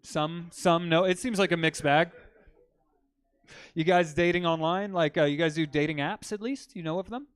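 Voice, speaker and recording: A man performing stand-up on a comedy club stage, telling crude jokes with a deadpan edge and chatting with the crowd. His voice is smooth and crisp, pitched a little high for a man. The sound is dry and close, with hardly any room echo. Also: normal speed.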